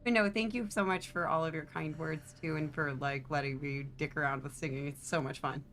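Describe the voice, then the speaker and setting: A woman's voice: low-pitched, steady tone, fairly quick, a bit bright, a little hiss or hum. A young woman co-hosting a game stream, chatting casually and joking playfully. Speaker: co-host streamer. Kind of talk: casual live-stream chat.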